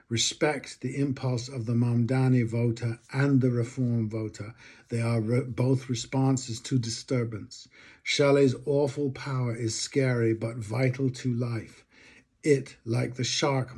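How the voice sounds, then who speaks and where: A man's voice: medium pitch, a little mellow, husky. A man giving a reflective, rambling monologue, thinking aloud with frequent restarts.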